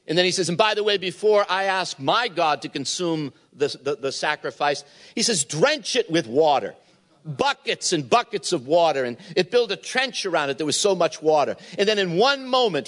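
A man's voice: high-pitched, a bit bright. A man preaching a sermon as pastor, retelling a Bible story and acting out the voices in it.

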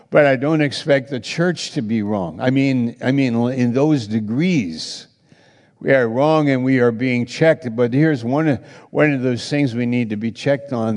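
A man preaching a sermon at an unhurried pace, his voice gravelly and rough at the edges. He often stops and restarts his sentences. A long reverb trails his words through the hall. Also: mid-range voice, darkish tone. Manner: slow, halting delivery with many restarts.

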